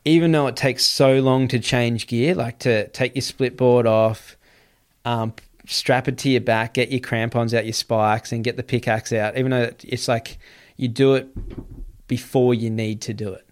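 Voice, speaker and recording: Guy telling a story on a podcast, swears a lot, middle pitch, rambles on. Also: fairly even intonation. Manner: swears freely, quick run-on telling. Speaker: guest. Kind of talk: casual storytelling.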